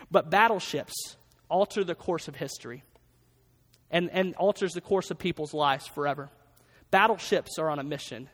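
A high-pitched male pastor delivers an energetic sermon, hammering his points home through repetition. His voice rings out with a long reverb, as if it fills a large church hall. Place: church sanctuary.

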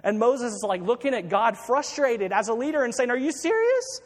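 A man's voice: very high voice, fairly quick, long reverb tail. A man preaching a sermon, retelling a story with acted-out quotes and frequent restarts.

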